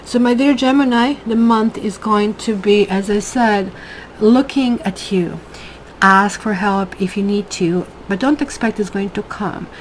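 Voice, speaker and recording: A woman's voice: medium pitch, unhurried, a little hiss or hum, low-quality recording. A woman reading tarot cards at a table at home in a casual monthly forecast, chatty and emphatic, often asking "right?". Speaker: tarot reader.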